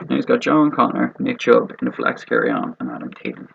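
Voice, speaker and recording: A man's voice: medium pitch, wildly swooping pitch, brisk, gravelly, fairly bright tone, slight background noise. A man hosting casual fantasy football commentary in a joking, rambling and profane way. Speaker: host of a fantasy football mock draft video. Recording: dull lo-fi recording.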